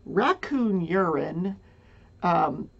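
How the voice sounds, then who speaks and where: Woman, casual storyteller, rambling and flustered, gravelly voice, dull lo-fi recording. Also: fairly low pitch, lively intonation, extremely slow. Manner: rambling, flustered, many fillers and nervous laughs. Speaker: livestreamer. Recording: dull lo-fi sound.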